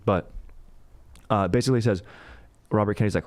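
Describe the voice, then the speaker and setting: A man's voice: on the low side, fast, long pauses, a little mellow, no room sound. A man hosting a comedic history podcast, telling it in a rambling, joking and profane way. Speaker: podcast host. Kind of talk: casual comedic history talk.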